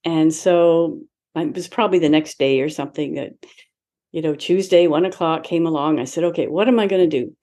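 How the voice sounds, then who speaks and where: Woman, 70s, interview guest. Low and mellow, reflective storyteller who replays her own past dialogue. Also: fairly quick. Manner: reflective, acts out her own past dialogue, laughs lightly between remarks. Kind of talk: personal storytelling in a casual interview.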